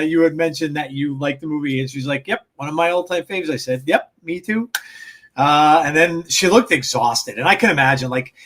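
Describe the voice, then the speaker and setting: Man, high-pitched, casual podcast chat, rambling, lots of fillers and restarts, laughs at his own stories. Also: fairly bright tone. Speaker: podcast co-host.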